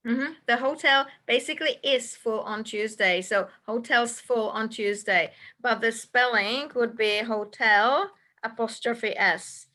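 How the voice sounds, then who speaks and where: A woman's voice: on the high side, a little slow, pushed and bright. A woman teaching a classroom English lesson, patiently checking answers one by one and repeating them. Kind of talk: classroom instruction.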